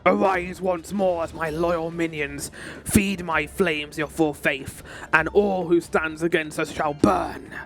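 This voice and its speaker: Man voicing a wrathful male fire god, slow, solemn, archaic and commanding, game. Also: fairly high pitch, fairly even intonation, creaky, fairly bright tone, faint music behind, heavily acted. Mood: menacing.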